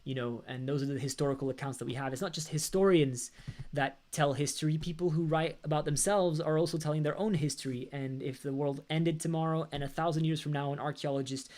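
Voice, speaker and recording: A man's voice: fairly high pitch, fairly even intonation, fairly quick, a little mellow. A young man, a rock band's lead singer, casually chatting on a livestream, reflective and a little rambling as he talks through his lyrics and reads comments. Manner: reflective, rambling, with bursts of sung lines.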